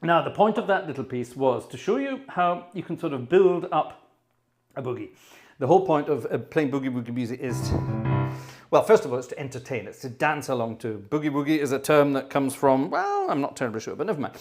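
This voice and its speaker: A man's voice: mid-range voice, very animated, brisk. A man hosting a live piano stream, out of breath between pieces, chatty and self-deprecating as he talks to his audience and explains boogie woogie. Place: piano room at home.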